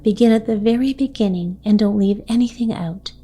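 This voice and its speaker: A woman reading the part of a gentle, earnest little girl in a bedtime story. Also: on the high side, brisk, husky, soft background music.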